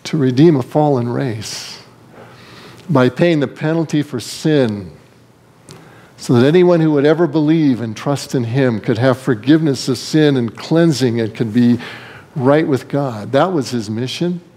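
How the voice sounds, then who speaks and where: A man's voice: mid-range voice, measured pace, mellow. A man preaching a sermon as pastor, asking rhetorical questions and shifting his emphasis.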